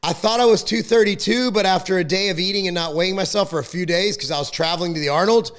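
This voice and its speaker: A man's voice: high voice, fast talker, fairly bright tone, clean tone. A man hosting a podcast, telling a story in a chatty, joking way with casual slang. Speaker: podcast host. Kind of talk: casual monologue.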